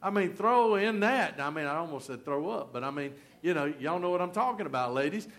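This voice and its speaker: A middle-aged man, preaching a sermon in a folksy, animated storytelling way with humor. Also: a little high, fairly quick. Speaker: pastor.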